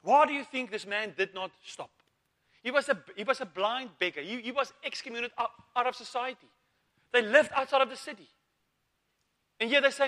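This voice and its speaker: A man's voice: very high-pitched, brisk, sharp tone. A man preaching a sermon, asking rhetorical questions, calling for amens and repeating words as he goes. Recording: long reverb of a church hall.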